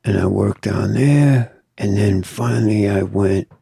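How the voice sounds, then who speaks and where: A man's voice: on the low side, a little slow, gravelly, dark tone, husky, dry recording, studio quality. An older man from Southern California, a tattoo artist telling stories in a laid-back, profane drawl as an interview guest. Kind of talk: casual storytelling.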